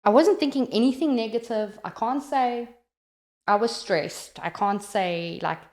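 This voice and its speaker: A South African woman telling a personal story in an animated, chatty way, with many "like" fillers, as a podcast guest. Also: a little high, measured pace, reverberant.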